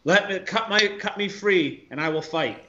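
A man's voice: sits high, normal speed, a bit bright, highs cut off, pitched above the performer's own voice. A man playing an earnest captive warrior. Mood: urgent. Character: young male captive warrior, earnest, pleading.

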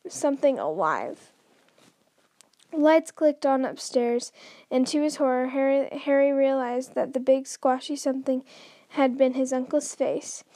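Woman host reading aloud, high and soft-toned, dry close sound, frequent stumbles and restarts. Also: a little slow, dry recording. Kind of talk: unrehearsed read-aloud narration.

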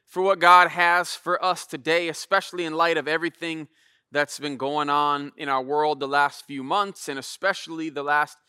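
Man, pastor, casual sermon, animated storyteller, clear voice, dry close sound. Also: a little high, no echo.

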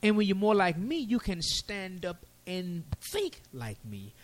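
A man preaching a sermon, lively and folksy with casual asides. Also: high-pitched, unhurried, dry recording.

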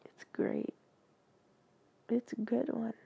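A woman's voice: a little high, huge pitch swings, slow, vocal fry, breathy edge, narrow, tinny audio. A woman hosting a casual copypasta reading, talking hesitantly with many fillers and asides.

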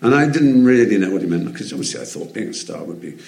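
A man's voice: fairly low pitch, expressive, fast talker, vocal fry, a little mellow. An English man, an interview guest, telling theatrical anecdotes articulately, with frequent ums. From England. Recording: roomy echo.

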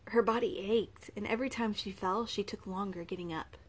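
A woman narrating a novel as an audiobook reader, in an even, clear reading voice. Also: mid-range voice, fairly quick.

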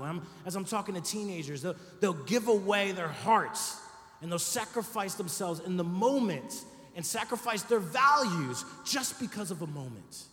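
Man, pastor, sermon, high voice, conversational, keeps asking "right?", echoey church hall, long reverb. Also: expressive, moderate pace, bright, forceful tone. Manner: conversational preaching with frequent "right?" asides. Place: church sanctuary.

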